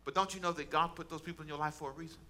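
A man's voice: fairly high pitch, fairly even intonation, very fast, bright, forceful tone. A man preaching a sermon as pastor, folksy and colloquial, repeating phrases and calling on the congregation to answer back. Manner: call-and-response preaching, repeats phrases for emphasis.

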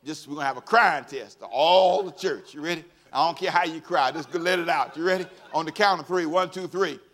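A man preaching a sermon as pastor, animated and folksy, leading the congregation in call-and-response and laughing at his own stories. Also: fairly high pitch, fairly quick.

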